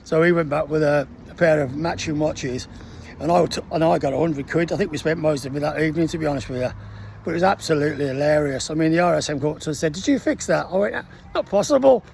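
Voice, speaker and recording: A man in his sixties, a military veteran, tells a casual anecdote and acts out the voices of the people in it like a lively storyteller. His voice is fairly high, fast and creaky, with slight background noise.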